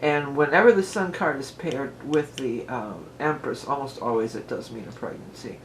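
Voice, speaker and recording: A woman with a very deep voice speaks at a moderate pace over a faint hiss or hum. At home with a dog nearby, she gives a casual tarot reading, chatting in a rambling way and often drifting into asides.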